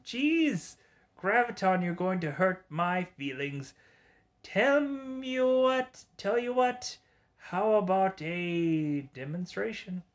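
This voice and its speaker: A man's voice: high voice, animated, slow, pitched above the performer's own voice. Man doing a manic sneering assassin villain. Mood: mocking. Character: taunting sadistic male assassin villain.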